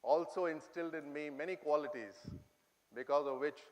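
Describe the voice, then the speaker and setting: This guest speaker, a middle-aged man with an Indian English accent, has a slightly high, darkish voice at a moderate pace. Speaking to cadets in an auditorium, he shares funny memories and tests his listeners with questions.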